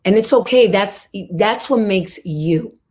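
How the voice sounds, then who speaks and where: A woman's voice: mid-range voice, lively intonation, darkish tone. A woman speaking on a panel, heartfelt and emphatic, shifting her pace as she talks. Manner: emphatic, heartfelt, speeds up and slows down. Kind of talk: panel discussion.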